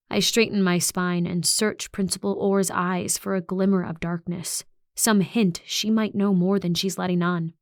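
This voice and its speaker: A woman narrating a young adult horror audiobook in the first person, with an even, reflective delivery. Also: mid-range voice, dry recording, studio quality.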